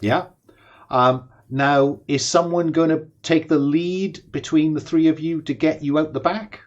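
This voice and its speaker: A man narrating as game master, measured and full of pauses and restarts. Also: a little high, fairly even intonation, muffled recording.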